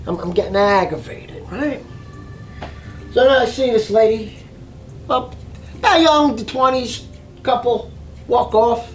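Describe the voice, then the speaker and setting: A man telling a story in an excitable way, acting out voices and reactions. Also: high voice, takes it slowly, long pauses, slight background noise. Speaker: vlogger telling a travel story. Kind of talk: animated storytelling monologue.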